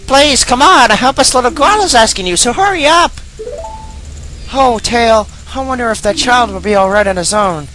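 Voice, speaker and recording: A man's voice: very high voice, lively intonation, normal speed, bright, forceful tone, soft background music, pitched above the performer's own voice, exaggerated voice, poor audio. A man voicing an impatient, bossy young female fairy as he reads a video game's dialogue aloud. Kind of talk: reading game dialogue aloud.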